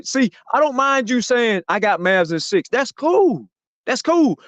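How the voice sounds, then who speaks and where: High-voiced man ranting profanely. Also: no echo, highs cut off. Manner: loud, profane, mocking, repetitive. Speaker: podcast host. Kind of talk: heated podcast sports talk.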